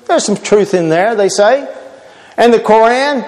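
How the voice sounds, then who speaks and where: A man's voice: sits high, expressive, unhurried, a little mellow, long reverb tail. A man preaching a sermon, emphatic and quoting scripture, repeating key words for stress.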